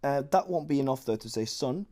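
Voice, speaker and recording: A man's voice: mid-range voice, lively intonation, crowd noise. Playful male teacher. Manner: playful, joking asides while explaining slowly. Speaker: Chinese language teacher. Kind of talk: online language lesson.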